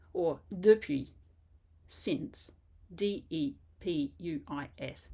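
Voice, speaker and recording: A woman's voice: on the low side, darkish tone. An older woman, a native English speaker, gives a patient pronunciation lesson as a French teacher and spells words out letter by letter.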